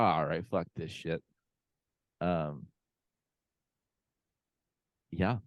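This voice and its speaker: A man with a very low voice casually retells a movie for his podcast co-hosts, leaning on fillers and quoting characters. The sound is dry and close to the mic. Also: no echo, dull audio. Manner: rambling recap with many fillers and quoted lines. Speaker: podcast co-host. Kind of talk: casual movie recap chat. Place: home room, remote call.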